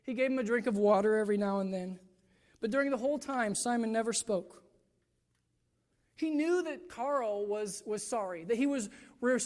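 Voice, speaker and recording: A man's voice: high-pitched, darkish tone, in a large hall. A man preaching a chapel sermon, telling a story earnestly and often restarting his sentences. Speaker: student chapel speaker.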